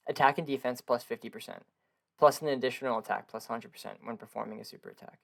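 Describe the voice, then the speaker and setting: A hoarse young man with a slight gravel in his voice from being sick, reading out long game card stats flatly, then slipping into slangy offhand comments. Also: mid-range voice. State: hoarse from illness. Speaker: gaming video creator. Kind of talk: reading game stat text with casual asides.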